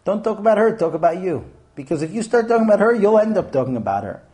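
A man's voice: high-pitched, quick pace. A man teaching a class, explaining his points with examples and acting out scenes. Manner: animated, acts out scenes in different voices. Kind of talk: lecture to a class.

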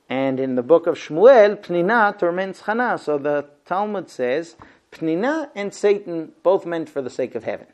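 A man teaching a Bible class, telling the story in an animated way and asking rhetorical questions. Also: medium pitch.

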